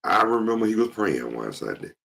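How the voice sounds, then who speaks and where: A man hosting his show, telling casual stories in an animated way and jumping into impressions. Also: lowish voice, a little fast, gravelly, breathy edge. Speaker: show host. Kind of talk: casual storytelling monologue.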